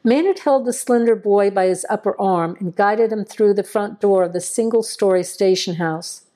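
A woman reads a horror tale aloud with measured, dramatic storytelling. Her voice is mellow and warm, at an ordinary pitch. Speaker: narrator. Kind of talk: scripted horror story narration.

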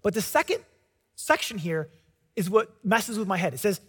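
A man with a very high voice preaches in a loose, conversational storytelling way. He often stumbles and restarts his phrases. A long hall reverb follows his words. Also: big pitch swings, moderate pace, a bit bright, husky. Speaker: pastor. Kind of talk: sermon.

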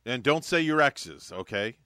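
A man's voice: medium pitch, lively intonation, normal speed, bright, forceful tone, no room sound. A man hosting a morning radio show in a studio, teasing his guest and joking through the banter. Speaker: radio host.

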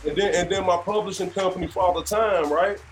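High-voiced chatty man from North Carolina. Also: fairly quick. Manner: animated, conversational, leans on "you know what I'm saying". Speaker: guest musician. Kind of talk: casual interview chat.

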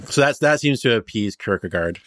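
A man's voice: lowish voice, lively intonation, fairly quick, a bit bright, no room sound. Man narrating as game master, dry sound. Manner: rambling, filler-heavy description.

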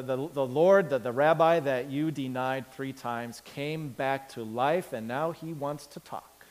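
A man preaching a sermon, telling the story with lively acted-out voices and big swings from loud to quiet. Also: medium pitch, long reverb tail. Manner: animated storytelling, acts out characters with big swings in loudness. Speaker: pastor.

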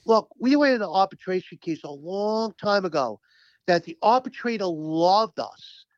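A man speaking as a union representative, telling stories in an animated, emphatic, profane way during a casual interview. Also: high-pitched, normal speed, no echo, dull audio.

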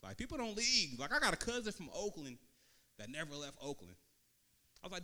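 A man with a Bay Area accent doing a stand-up comedy set on a club stage, telling loose, slangy stories and slipping into quick quoted voices. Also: a little high, big pitch swings, sharp tone. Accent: Bay Area Californian. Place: comedy club stage before a live audience.

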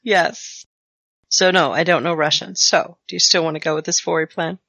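Woman player at a tabletop game, bright crisp voice, dry sound. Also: lowish voice, fairly even intonation, moderate pace, no room sound. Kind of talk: tabletop role-play chat.

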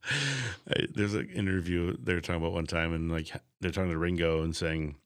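Male podcast co-host, very low voice, rambly and self-mocking. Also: a little fast, clear, resonant tone. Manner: rambling, self-deprecating, hesitant restarts. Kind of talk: casual chat.

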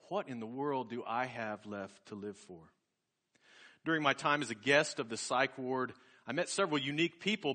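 Preaching a sermon, a man with a medium-pitched voice tells a personal story earnestly and reflectively, slowing down and softening at the key moments.

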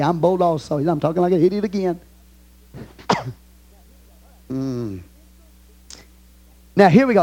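A pastor with a Texan accent preaching a fervent sermon in a church, reading scripture aloud and swinging between booming and hushed delivery. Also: male voice, expressive, a little slow, long pauses. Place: church sanctuary.

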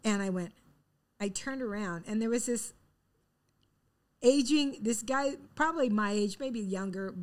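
A woman's voice: mid-range voice, unhurried, long pauses. A middle-aged woman telling a long funny story in casual chat. She laughs often and acts out the dialogue.

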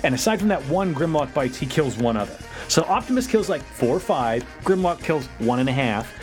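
A man picks apart a film scene by scene in a casual, sarcastic recap. His voice sits a little high and leaps around as he jokes. Faint music plays underneath. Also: fairly quick. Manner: sarcastic, animated, laughs often. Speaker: podcast co-host. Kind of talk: casual movie recap chat.

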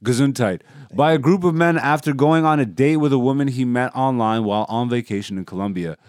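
A man co-hosting a podcast in casual, profane chat, loudly reading a news story aloud and laughing often. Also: mid-range voice, fairly quick, no room sound, studio quality. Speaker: podcast co-host.

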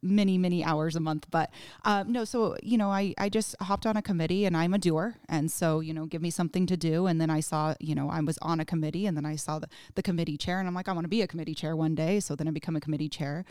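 A woman guest on a podcast, talking in an upbeat, energetic way about her community involvement. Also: low voice, smooth, no room sound, studio quality. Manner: upbeat, energetic, quick to agree. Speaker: podcast guest, association leader. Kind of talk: casual podcast chat.

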